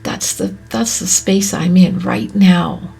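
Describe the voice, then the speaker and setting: Slow, gravelly, breathy-voiced woman. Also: lowish voice. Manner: soft, often whispery, pausing. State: emotional, voice catching. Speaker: podcast host. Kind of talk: slow reflective monologue.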